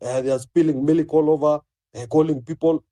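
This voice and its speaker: Blunt, angry Kenyan man, dark voice. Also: fairly high pitch, steady tone, fairly quick. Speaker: speaker in a live online audio room. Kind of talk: angry protest speech.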